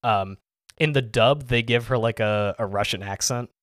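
A man's voice: mid-range voice, moderate pace, a bit bright, no room sound, studio quality. A man co-hosting a podcast in casual chat, rambling with lots of "like" and "um". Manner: rambling, full of "like" and "um". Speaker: podcast co-host.

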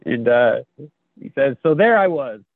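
A man's voice: medium pitch, expressive, unhurried, no echo. A man co-hosting a podcast, chuckling as he reads out memes in a casual, jokey chat. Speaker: podcast co-host. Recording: tinny phone-like line, dry.

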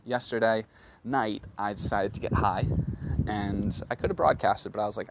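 A man's voice: on the low side, moderate pace, creaky. A man hosting a podcast, recounting his week in a rambling, self-deprecating casual monologue. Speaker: podcast host. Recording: noisy background hiss.

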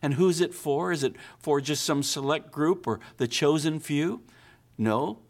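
A man's voice: fairly high pitch, unhurried. A man preaching a sermon, earnest, putting questions to his listeners. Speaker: pastor.

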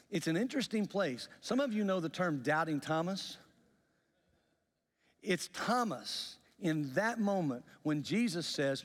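A male pastor preaching a sermon, telling the story with lively acted-out voices. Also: on the high side, measured pace. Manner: animated storytelling, acts out quoted voices. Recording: long reverb of a large hall.

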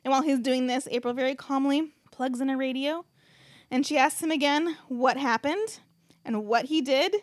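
A woman's voice: high voice, normal speed, no room sound, clean studio sound. A woman host casually recapping a movie plot, telling it as a chatty story full of "like" and freely swearing. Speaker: podcast host.

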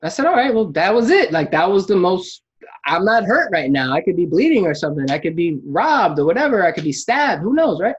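A man telling a story in a casual chat, animated and acting out what people said. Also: high voice, a little fast, breathy edge. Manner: animated storyteller, acts out quotes, laughs while telling. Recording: dull lo-fi sound.

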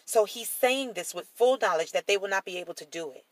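A woman's voice: medium pitch, animated, fairly quick, no room sound, rough recording. A woman teaching a Bible study, reading scripture aloud and explaining it, often checking in with "right?". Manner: reads scripture then explains, tags lines with "right?".

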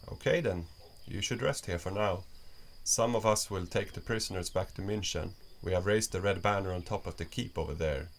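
A man's voice: deep voice, moderate pace. A man voicing a kind, patient male soldier in a storybook reading, explaining things steadily. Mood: calm.

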